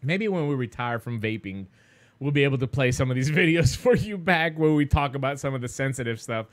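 A man with a Greek accent, co-hosting a show and telling a travel story in a lively, laughing way. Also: medium pitch, a little fast. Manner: animated, laughs often. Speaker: co-host. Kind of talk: casual storytelling chat. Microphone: desk mic set a little far back.

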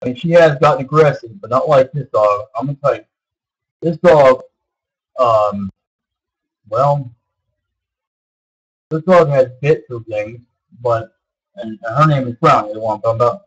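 Vlogger, male, early 30s, husky voice, meandering delivery, dull lo-fi recording. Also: mid-range voice, moderate pace, long pauses. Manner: meandering, repeats himself, many fillers. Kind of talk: rambling casual monologue.

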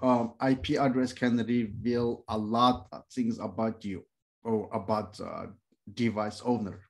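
A middle-aged man whose first language is Uyghur, teaching a classroom lecture in halting speech with many fillers and restarts. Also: lowish voice, steady tone, darkish tone. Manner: non-native phrasing. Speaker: instructor.

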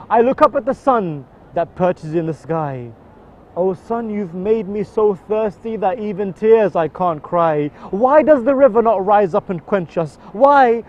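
High-voiced man reciting a mournful poem. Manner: emotive lament delivery, voice swelling on cries and dropping soft at line ends. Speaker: religious poetry reciter. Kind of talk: explaining then reciting a mournful devotional poem. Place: outdoors in a city. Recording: dull, muffled outdoor recording.

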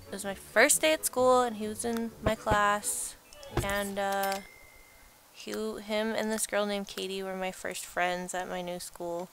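Young female gamer, casual rambling commentary, mid-pitched, game music low behind. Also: steady tone, a little slow, a bit bright. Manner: chatty, rambling, self-deprecating, laughs often. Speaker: let's play gamer.

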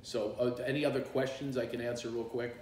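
Animated storytelling comedian in echoey room. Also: male voice, medium pitch, brisk, slight background noise. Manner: animated storyteller, does voices and bursts into song. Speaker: comedian hosting a live stream. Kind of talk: casual storytelling chat.

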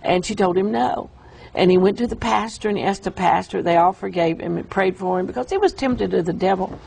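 A woman telling an emotional, halting account of a vision in an interview. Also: mid-range voice, creaky, a little mellow, a little hiss or hum, rough recording. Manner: emotional, halting storytelling with restarts. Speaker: guest describing a vision. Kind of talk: earnest testimony in an interview.

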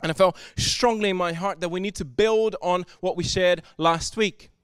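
High-voiced preacher, dry sound. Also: male voice, steady tone, moderate pace, clean tone, no room sound. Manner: earnest, swings from soft to loud and emphatic. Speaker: pastor. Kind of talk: sermon. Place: church service.

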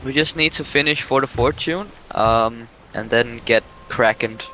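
A man's voice: medium pitch, measured pace, background noise. A young man hosting a gaming video, joking and rambling in casual chat while he plays.

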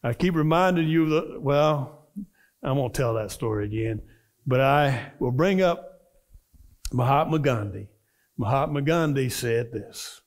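A man's voice: mid-range voice, animated, a little slow. A middle-aged man, a minister, preaching a storytelling sermon and acting out the voices of people in his stories.

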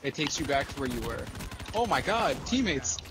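A young man reacts animatedly during gameplay, swinging between dry sarcastic remarks and sudden shouts. His pitch moves a lot, and clear gunfire and game noise sit behind him. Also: big pitch swings, normal speed. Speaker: gaming teammate. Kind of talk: casual gameplay chat.

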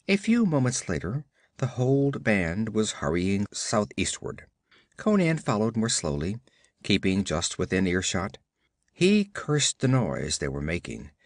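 A man narrating an audiobook with dramatic, expressive storytelling. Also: medium pitch, no room sound, studio quality.

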